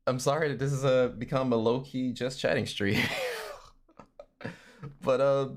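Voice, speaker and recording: A man chatting casually on a livestream, swearing freely and often breaking into laughs. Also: mid-range voice. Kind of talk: casual stream chat.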